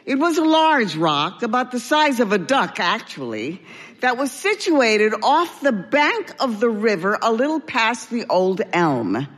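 Slow, gentle woman reading a story. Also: fairly high pitch, very animated, big-room sound.

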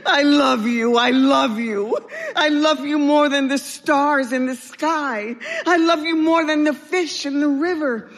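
A woman voicing a lovestruck young male duck, earnest and anxious, pleading and rising to a high wail. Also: animated, unhurried, hardly any pauses, long reverb tail.

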